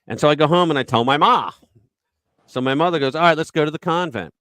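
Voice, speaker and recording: A man's voice: on the high side, quick pace, fairly bright tone, dry recording. A middle-aged man hosting a casual talk show, rambling through stories and acting out the people in them. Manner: rambling storyteller, acts out quotes. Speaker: podcast host.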